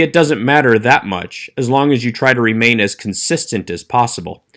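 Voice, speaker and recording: A man teaching an online Hebrew class, explaining letters in a clear, measured way and slowing down to demonstrate sounds. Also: mid-range voice, fairly bright tone. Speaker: Hebrew instructor. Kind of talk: recorded online lecture.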